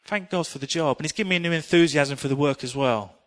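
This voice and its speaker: A middle-aged man preaching a sermon, telling personal stories in an earnest, animated way. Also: fairly high pitch, fast.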